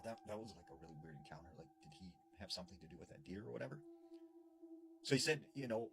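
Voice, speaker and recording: A man casually retelling a scary story he heard from someone else, repeating "and he said" and "you know" as he goes. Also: on the low side. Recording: noisy background.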